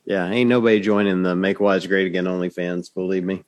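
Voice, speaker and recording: A man's voice: low-pitched, little pitch movement, a little fast. A man co-hosting a podcast in casual chat, playful and joking, laughing through his lines.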